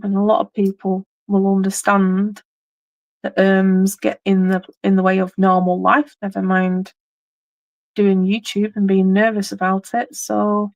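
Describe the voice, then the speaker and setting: A woman's voice: mid-range voice, a little mellow, dry recording, poor audio. A woman in her thirties with a mixed English accent, chatting casually on a live stream and rambling with many ums and restarts. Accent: English, mixed regional. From England.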